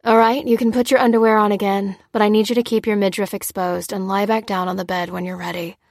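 A woman voicing a brisk, apologetic female doctor who speaks in a clipped, matter-of-fact way. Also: mid-range voice, flat delivery, vocal fry, dry recording, studio quality, close to an everyday voice.

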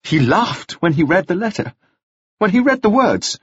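A nervous, snappish employer, voiced by a male reader who speaks in tense, clipped questions. The voice sits raised and slightly husky, in a dry, somewhat dull recording. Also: high-pitched, big pitch swings, moderate pace, no room sound, voice pushed up, exaggerated voice. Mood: anxious. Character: anxious, irritable male employer, sharp-tongued.

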